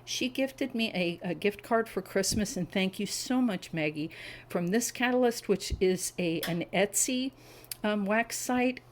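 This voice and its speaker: A woman's voice: mid-range voice, a little slow, a little hiss or hum, poor audio. A middle-aged woman chatting at home in a casual review vlog, enthusiastic and savoring each description. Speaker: wax melt reviewer. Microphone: camera on a tripod.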